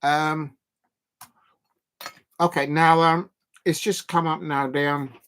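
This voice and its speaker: A man hosting a live football watch-along, ranting in an animated, exasperated way and often restarting his sentences. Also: fairly high pitch, slow, clear, resonant tone. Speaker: football fan live-stream host. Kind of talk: casual watch-along commentary.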